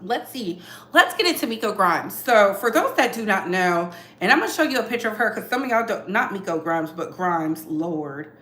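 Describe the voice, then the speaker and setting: A woman's voice: medium pitch, big pitch swings, normal speed, fairly bright tone, echoey room. A woman hosting casual celebrity gossip commentary, sassy and emphatic, repeating lines for effect. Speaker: commentary channel host.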